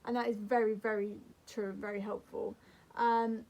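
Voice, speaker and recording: A young woman vlogger giving calm, earnest advice to camera in a gentle, soothing way. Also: medium pitch, moderate pace. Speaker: mental health vlogger.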